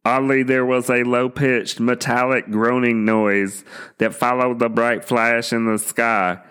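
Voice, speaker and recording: A man's voice: medium pitch, flat delivery, unhurried, fairly bright tone, clear, resonant tone, voice pushed up, lightly acted. A man putting on a mock Australian accent to read out a UFO sighting report for laughs. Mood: mock-earnest. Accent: put-on Australian. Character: male podcast host reading a UFO report in a mock Aussie voice. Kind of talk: comic read-through of a report.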